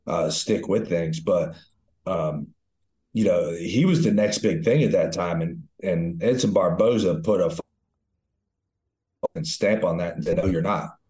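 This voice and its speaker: Deep-voiced man, laid-back, in an echoey room. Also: a little slow, warm tone. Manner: laid-back, enthusiastic, swears casually. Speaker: co-host, retired fighter. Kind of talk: casual podcast chat. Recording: roomy echo.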